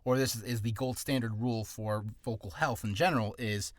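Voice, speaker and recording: A man's voice: medium pitch, a little fast, dry recording, studio quality. A man giving casual spoken advice on voice care in a loose, rambling way, often correcting himself, with a slightly ticklish throat. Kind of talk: casual spoken video lesson.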